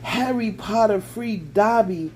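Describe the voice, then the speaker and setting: A man voicing a small, devoted male house-elf with a shrill, squeaky voice. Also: slow pace, a little hiss or hum. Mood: shrill joy. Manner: shrill, fierce when protecting.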